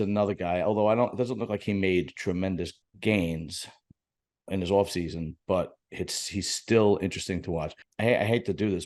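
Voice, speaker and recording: Low-voiced joking podcast host man. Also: a little mellow. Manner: joking, profane, rambling with restarts. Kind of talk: casual bodybuilding podcast chat.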